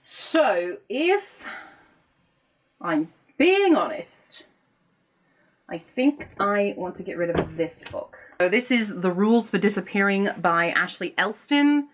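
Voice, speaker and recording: Chatty, excitable woman book vlogger. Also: medium pitch, slow pace. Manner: chatty and excitable, thinks aloud, laughs often; swears casually when frustrated. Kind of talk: casual vlog chat. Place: home room with bookshelves.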